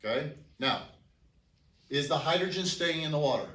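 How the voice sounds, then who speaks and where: Speaking at a normal speed, a man with a slightly high, expressive, somewhat bright voice teaches high school chemistry. He raises questions for the class and answers them himself, recorded from a distance in an echoing classroom.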